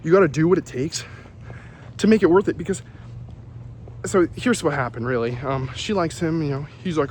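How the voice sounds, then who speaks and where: A man's voice: on the high side, moderate pace, pauses often, darkish tone, slight background noise. A man rambling through a casual vlog while walking outdoors on a city street, often losing his train of thought. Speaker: vlogger.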